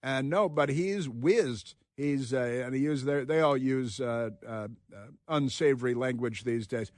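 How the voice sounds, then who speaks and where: A man's voice: mid-range voice, a little mellow, dry recording, studio quality. Sarcastic, combative male radio host. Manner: combative and sarcastic, with frequent halting restarts. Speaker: radio talk show host. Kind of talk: opinionated talk radio commentary.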